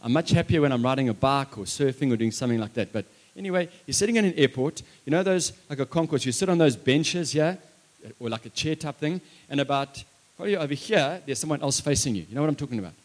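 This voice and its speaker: A man preaches a sermon built around a story, passionately shifting between loud emphasis and quiet lines, with chatty asides to the congregation. His voice is mid-range, animated, and quick.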